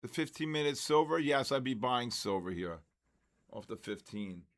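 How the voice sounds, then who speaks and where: A man's voice: mid-range voice, animated, moderate pace, fairly bright tone. A man in his sixties hosting a trading livestream, joking and exasperated as he spells out viewer names letter by letter. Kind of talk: casual livestream chat, calling out viewer names.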